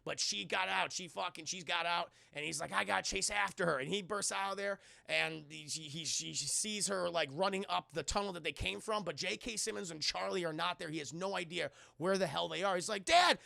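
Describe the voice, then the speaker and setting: A man in his thirties giving a crude, animated film recap as a streamer who talks to his chat. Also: sits high, brisk, creaky, hardly any pauses, no echo.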